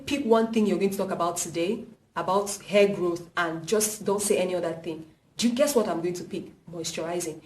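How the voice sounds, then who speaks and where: A woman's voice: mid-range voice, darkish tone. A young woman with a Nigerian accent talks straight to camera in a casual vlog and drives her points home by repeating them. She sits back from the mic, and her voice rings around a bare, echoey room. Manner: emphatic, repeats points for stress. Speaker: vlogger. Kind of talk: casual hair-care vlog. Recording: roomy echo, mic at a distance.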